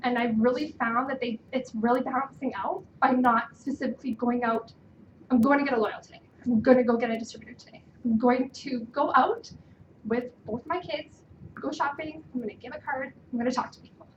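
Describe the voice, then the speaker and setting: Woman, animated testimonial speech, echoey room, distant mic. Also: sits high, brisk, highs cut off, a little hiss or hum. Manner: animated, acts out dialogue loudly. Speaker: team member sharing her story. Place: training meeting room.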